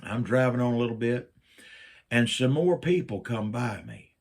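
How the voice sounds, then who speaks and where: A middle-aged man from Virginia, telling a personal story and acting out his own lines with big jumps up in pitch. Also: normal speed. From Virginia, USA. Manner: animated, jumps up in pitch when quoting himself.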